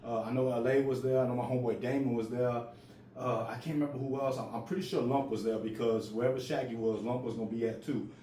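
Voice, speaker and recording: A man's voice: mid-range voice, fairly even intonation, fast talker, warm tone. A man in his forties who stutters, telling a personal story in a casual, raw way. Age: 40s. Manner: stutters, repeats words. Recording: roomy with faint ambient noise.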